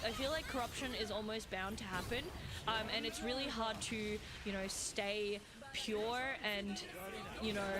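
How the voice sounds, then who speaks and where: Blunt, foul-mouthed woman streamer. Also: on the high side. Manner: blunt, swears freely, rambling with many fillers. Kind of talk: casual live-stream chat with viewers.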